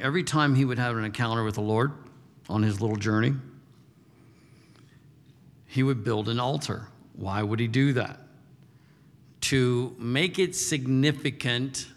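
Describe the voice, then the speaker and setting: A male pastor delivers a sermon in a relaxed, conversational way, moving between scripture reading and casual asides. His voice sits in a middle register. The sound carries a long reverb from a large hall. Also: medium pitch.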